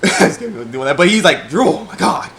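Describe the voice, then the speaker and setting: A young man casually reviewing an anime episode, excitable and chatty, with lots of fillers and sudden laughs. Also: sits high, a little fast, a little hiss or hum.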